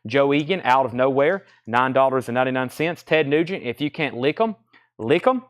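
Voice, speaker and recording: A man hosting a live-streamed record sale, calling out titles and prices in a brisk, running patter, thinking aloud as he checks each record. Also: medium pitch, lively intonation.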